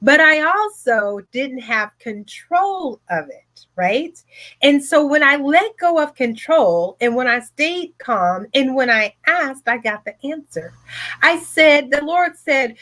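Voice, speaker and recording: Brief: high-pitched woman retreat host, emphatic and animated, speaking from her home office. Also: slow. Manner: emphatic, repetitive, animated storytelling. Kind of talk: motivational personal talk.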